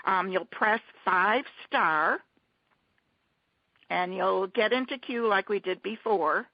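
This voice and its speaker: A woman hosting a teleconference casually, talking haltingly with many restarts and fillers over a muffled conference-call line. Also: medium pitch, no room sound.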